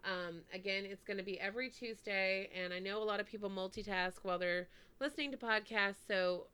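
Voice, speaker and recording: A woman chats through a long personal story on a podcast, with a bright, crisp and smooth voice. She keeps circling back with "anyway" and sprinkles "like" through her sentences, in an easygoing conversational manner. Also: mid-range voice, fairly quick. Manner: chatty, full of "like" and "anyway". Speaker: podcast co-host. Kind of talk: casual storytelling chat.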